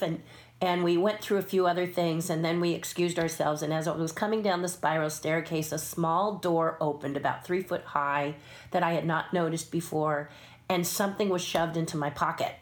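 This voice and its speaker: An older woman, a puppeteer and sculptor, telling stories from her career in a casual interview, acting out the voices of the people she quotes. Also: on the low side.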